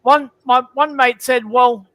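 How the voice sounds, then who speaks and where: Man, very high and sharp voice, stumbling joke-teller, dry close mic. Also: steady tone, a little slow, clear, resonant tone, no room sound, rough recording. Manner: stumbling, restarts his joke. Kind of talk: casual chat, joke telling.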